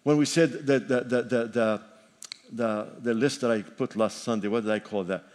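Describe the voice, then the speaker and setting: A man's voice: mid-range voice, fairly even intonation, moderate pace, darkish tone. Older man preaching in a reverberant church. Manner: emphatic, repetitive preaching with joking asides. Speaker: pastor. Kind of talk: sermon. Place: church sanctuary. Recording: long reverb of a church hall.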